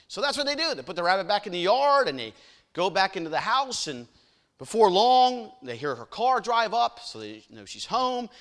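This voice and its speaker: Guy preaching, chatty storyteller, voice sits a bit high, bright and punchy. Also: big pitch swings, moderate pace, long reverb tail. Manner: folksy and conversational, many fillers, rising to emphatic questions. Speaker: pastor. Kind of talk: evening sermon with storytelling.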